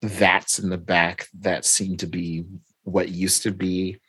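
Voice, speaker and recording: Lower-voiced man, animated comic recap. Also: slow, husky, no echo. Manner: animated retelling, reads captions aloud and acts out dialogue. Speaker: podcast co-host recapping comics. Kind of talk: casual chat.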